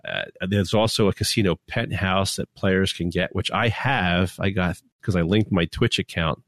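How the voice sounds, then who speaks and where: Male podcast host, low voice, dry close recording, relaxed and amused. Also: normal speed, no room sound. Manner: laid-back, amused, laughs often. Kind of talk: casual chat and news reading.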